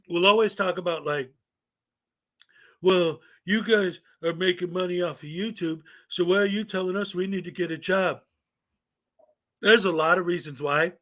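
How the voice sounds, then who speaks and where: A host on a commentary stream, ranting in a high, bright voice. he is blunt and exasperated and swears freely.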